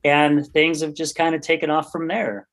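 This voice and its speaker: A man's voice: fairly high pitch, level tone, normal speed, a bit bright. A man who hosts a podcast, earnestly telling a personal story in an interview, rambling and acting out remembered conversations. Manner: earnest, rambling, acts out quoted dialogue. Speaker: podcast host and guest.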